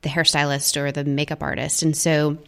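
A woman with a low voice and a gravelly, fry-heavy edge talks casually in a studio. She rambles warmly through stories, leaning on "um" and "like" and acting out what people said. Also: flat delivery, normal speed. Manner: chatty, filler-heavy, quotes people. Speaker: guest, charity event organizer. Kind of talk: casual storytelling interview.

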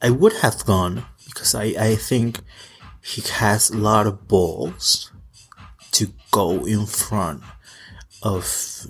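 A man's voice: on the low side, slow pace, slightly rough. A man in his twenties giving casual pop-culture commentary in a sassy, campy way, swearing freely. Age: 20s. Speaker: vlogger.

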